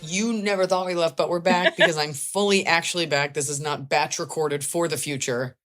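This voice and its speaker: A woman's voice: low-pitched, steady tone, normal speed, fairly bright tone, faint music behind. A woman comedian hosting a podcast, telling stories in a chatty, wry and profane casual manner. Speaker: podcast host and stand-up comedian.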